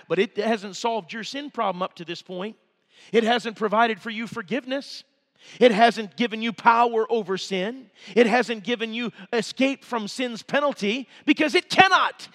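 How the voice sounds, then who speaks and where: A man preaching a revival sermon, telling a story with animated, emphatic delivery. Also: high-pitched. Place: church sanctuary. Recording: long reverb of a church hall.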